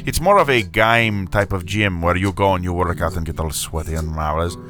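A man's voice: deep voice, fairly quick, pushed and bright, faint music behind, pitched below the performer's own voice. A man putting on a flamboyant character with a mock Spanish accent, doing a comedic sponsor read and calling everyone darling. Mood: mock-glamorous. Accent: put-on Spanish.

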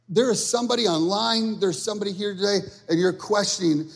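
High-pitched pastor guy preaching loud then soft, echoey church hall. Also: a little fast, hardly any pauses, slightly rough. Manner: builds from quiet to shouting preacher. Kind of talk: sermon. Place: church sanctuary.

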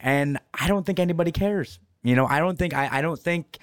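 A man co-hosting a podcast, telling a baseball story in a lively, casual way and slipping into the voices of people he quotes. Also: fairly high pitch, fairly quick, smooth, no room sound, clean studio sound. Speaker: podcast co-host.

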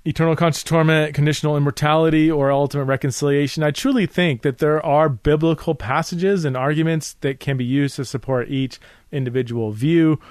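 A man's voice: a little high, steady tone, brisk, darkish tone, clear, resonant tone, no room sound. A man hosting a podcast, explaining theology in a casual, earnest monologue full of fillers and restarts. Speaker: podcast host teaching theology. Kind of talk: casual spoken teaching monologue.

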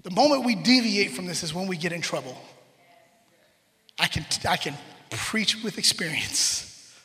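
A man in his forties preaching a conversational sermon as a pastor, telling animated family stories. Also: high-pitched, unhurried. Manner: animated storytelling, acts out family scenes. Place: church sanctuary. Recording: reverberant hall.

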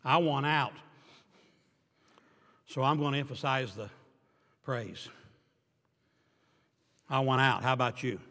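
An older man preaching a sermon as pastor, swinging between emphatic declarations and quiet asides with dry humor. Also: medium pitch, slow, long pauses. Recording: reverberant hall.

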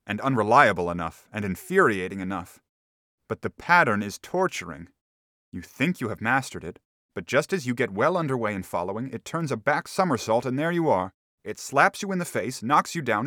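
A man giving a scripted narration of a classic story, measured and deliberate, into a studio microphone. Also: fairly low pitch, a bit bright, no echo. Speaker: audiobook narrator.

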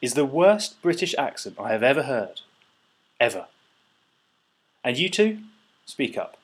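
Pompous sneering seagull boss, overfed and loud, read by a man with a husky voice. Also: mid-range voice, big pitch swings, a little slow, voice pushed up. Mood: scornful. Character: pompous overfed male seagull border chief.

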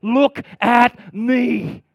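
A man's voice: very high voice, very slow, creaky, husky, no echo, clean studio sound, exaggerated voice. A man preacher playing an archer father who firmly and steadily repeats his commands to his son. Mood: urgent.

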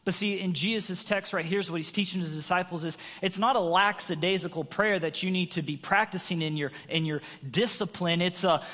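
In a church sanctuary with long, large-hall reverb, a guest preacher in his thirties tells a personal story during his sermon, raising his voice to act out quotes. He sounds high and fairly bright, talking fairly quickly with hardly any pauses.

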